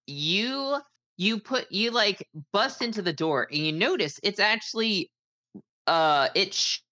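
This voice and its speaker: A woman's voice: mid-range voice, animated, measured pace, sharp tone, dry recording. A woman narrating a tabletop game as game master, chatty and laughing often.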